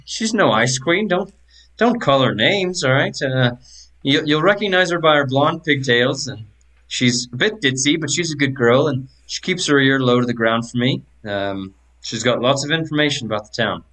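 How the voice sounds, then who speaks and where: A man's voice: medium pitch, expressive, normal speed, a bit bright, natural voice. A man doing a chatty, folksy tavern keeper. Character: friendly talkative male tavern keeper.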